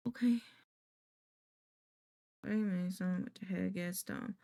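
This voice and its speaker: Gravelly woman streamer thinking aloud. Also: on the low side, fairly even intonation, slow, dark tone. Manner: thinks aloud to chat while working, jittery and self-deprecating. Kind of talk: casual live-stream chat.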